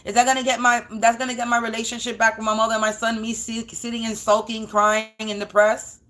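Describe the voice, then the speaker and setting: Woman, fairly high voice, defiant, emotional, repetitive vlog monologue. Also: level tone, brisk, pushed and bright. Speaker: spiritual reader and vlogger.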